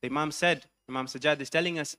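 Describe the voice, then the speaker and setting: A man's voice: on the high side, steady tone, quick pace, bright, forceful tone. A man preacher telling a story in a sermon, mixing English narration with recited Arabic phrases. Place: mosque hall.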